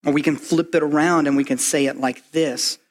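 A man preaching a sermon in a quick, conversational way, full of asides and "right?". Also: a little high, fairly even intonation. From Kentucky. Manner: conversational, fast, lots of "like" and "right?". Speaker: pastor.

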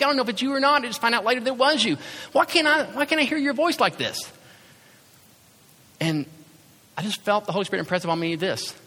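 Animated pastor preaching. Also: male voice, on the high side. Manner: animated, conversational preaching with acted-out asides. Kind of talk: sermon. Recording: reverberant hall sound.

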